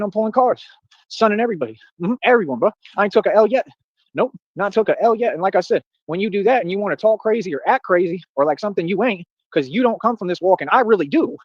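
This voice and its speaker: A man with a high voice delivers a ranting livestream monologue, boastful and confrontational, full of challenges to critics and the repeated line "what are you talking about." There's no room sound, and the highs are cut off.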